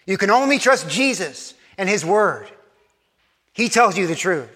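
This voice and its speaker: A male pastor delivers an earnest sermon in a high, bright voice. He presses hard on his points, then sinks to a hushed, soft delivery. His voice rings out with the long reverb of a large church hall. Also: sing-song, a little slow, long pauses. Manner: earnest preaching, rising emphatic then dropping to hushed soft tones.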